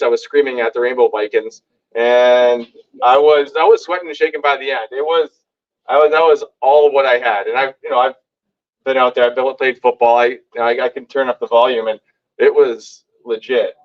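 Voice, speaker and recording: A man telling stories to a live audience at a community meeting, lively and acting out what others said. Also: highs cut off. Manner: lively, acts out quoted lines with big pitch jumps. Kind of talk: animated storytelling to a live audience. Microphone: hand-held microphone.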